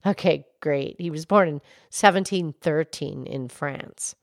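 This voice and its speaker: A woman voicing a gentle female cow who calmly explains history on a children's show. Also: low voice, unhurried, no echo, studio quality. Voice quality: calm, explanatory, hesitant restarts. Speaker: co-host, explainer.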